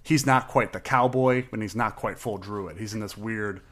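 A man's voice: on the low side, fairly bright tone. A man co-hosting a podcast, chatting casually and rambling with lots of jokes and laughs. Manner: rambling, jokey, quick to laugh. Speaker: podcast co-host. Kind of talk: casual chat about a tabletop character.

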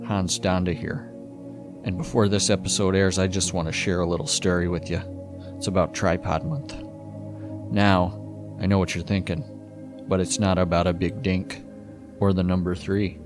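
A man putting on a deep crooning promo announcer. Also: flat delivery, music in the background, close to an everyday voice. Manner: slow, crooning, mock-sincere delivery. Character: smooth low-voiced male promo announcer. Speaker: podcast host.

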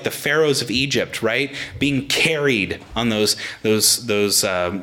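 A man gives a sermon in an easygoing, conversational manner. His voice sits at a middle pitch with a bright, forward edge. He talks plainly and often restarts his sentences. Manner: casual, plain-spoken, with frequent restarts. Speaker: preacher.

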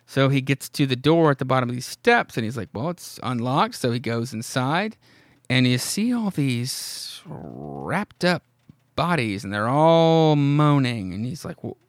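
A man's voice: medium pitch, animated, moderate pace, no room sound, clean studio sound. A man hosting a podcast, recapping an old horror comic in a rambling, profane, amused way and reading its dialogue aloud. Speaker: podcast host. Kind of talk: casual comic-book recap.

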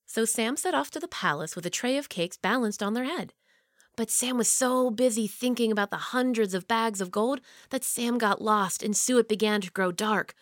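A woman reading a children's story aloud, expressive and dropping low and quiet for the tense parts. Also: normal speed, no room sound, studio quality.

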